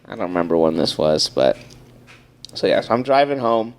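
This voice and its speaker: A young man, telling a story on a casual podcast, animated and swearing often. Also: lowish voice, moderate pace. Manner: animated, swears a lot, acts out quotes loudly. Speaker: podcast co-host.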